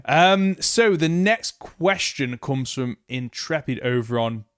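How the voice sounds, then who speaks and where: A man's voice: mid-range voice, animated, slow pace, clean tone, no room sound, clean studio sound. A young man co-hosting a casual podcast, telling stories and laughing often. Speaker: podcast co-host. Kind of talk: casual chat.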